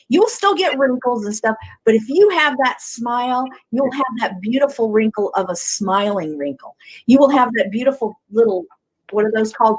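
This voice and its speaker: Animated woman co-hosting a faith show. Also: fairly high pitch, husky, poor audio. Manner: animated, acts out quoted voices. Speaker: co-host. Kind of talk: faith talk show chat.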